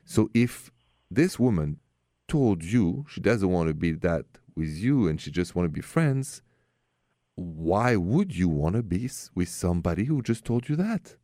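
Man, French accent, radio host, low voice, dry studio sound, storytelling, frank advice. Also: sing-song, a little slow, no echo. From France. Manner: warm storytelling, direct and frank with callers. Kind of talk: talk radio love advice.

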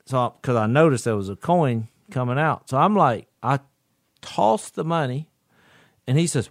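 A man co-hosting a podcast and recounting a story in an easygoing, chatty way. His voice rises and falls with lively swings of pitch, and now and then he chuckles at his own tale. The sound is close and dry, with no room echo. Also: normal speed. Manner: animated, laughs through his own story. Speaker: podcast co-host. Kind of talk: casual storytelling chat.

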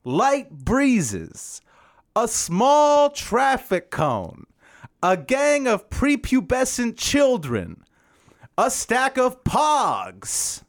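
A man putting on a comedian's voice, reading joke setups in a drawn-out, sing-song way and landing each punchline. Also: very high voice, wildly swooping pitch, pitched above the performer's own voice, exaggerated voice. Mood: mock-solemn. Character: man doing a comedian's slow joke routine. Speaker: podcast co-host.

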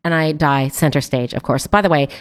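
A young adult woman telling a lively story to a host in a casual chat, laughing often. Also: low voice, brisk, clean tone. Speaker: guest. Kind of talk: casual anecdote.

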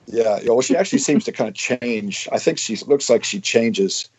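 A man's voice: mid-range voice, lively intonation, normal speed, a little mellow, breathy edge, muffled recording. A man explaining science in casual podcast chat, with frequent restarts and fillers.

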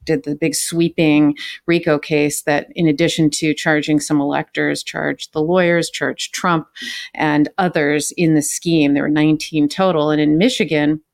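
Gravelly-voiced woman from California, dry sound. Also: low voice, steady tone, moderate pace, no room sound. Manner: conversational, many fillers and "right?" tags. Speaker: podcast co-host, former prosecutor. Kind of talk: casual legal podcast chat.

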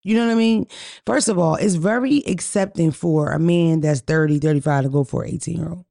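A woman co-hosting a podcast in casual chat, telling stories in a blunt, profane, animated way. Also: lowish voice, brisk, gravelly, no room sound, studio quality. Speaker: podcast co-host.

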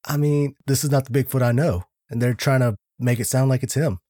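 A man with a warm, mellow voice chats easily on a podcast, laid-back and slangy. The recording is dry and close. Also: medium pitch, fairly even intonation, a little fast, no echo. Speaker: podcast co-host. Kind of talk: casual podcast chat.

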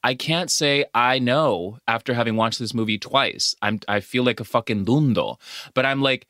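A woman's voice: rumbling low, moderate pace, fairly bright tone, no room sound, clean studio sound. A woman co-hosting a podcast, chiming in with wry, sarcastic questions and reactions. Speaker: podcast co-host. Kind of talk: casual comedic banter.

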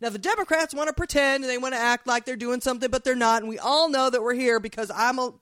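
A woman's voice: sits high, fast talker, a bit bright, no room sound, studio quality. A woman mocking a smug, grandstanding male politician who rants crudely and pompously. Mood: smug blustering. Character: smug grandstanding male congressman, self-serving.

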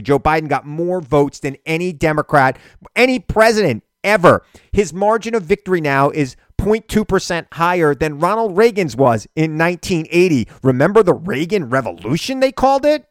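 A man hosting a political show, delivering an animated, indignant monologue full of rhetorical questions. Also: on the high side, moderate pace, no echo, studio quality. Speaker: political radio and podcast host.

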